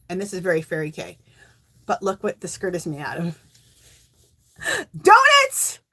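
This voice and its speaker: A woman hosting a crafting channel, talking in a chatty, rambling, excitable way as she shows off her makes. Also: mid-range voice. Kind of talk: casual show-and-tell chat.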